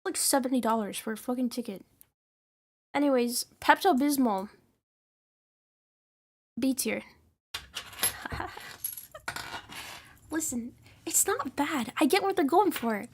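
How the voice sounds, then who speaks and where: A woman's voice: high voice, slow, pauses often, a little hiss or hum. A young woman streamer in casual chat, ranting with lots of swearing and laughter. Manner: profane, animated ranting with frequent laughs.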